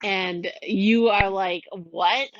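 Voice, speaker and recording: A woman's voice: on the low side, normal speed, dry recording, lo-fi sound. A woman casually retelling a game's plot, rambling and giggly, full of "like" and little voices for the characters. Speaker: storyteller recounting a game plot.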